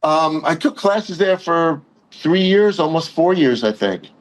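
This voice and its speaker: A middle-aged man from Long Island, a guest in casual chat, talking haltingly with many fillers and agreeing warmly. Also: a little high, lively intonation, rough recording. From Long Island, New York.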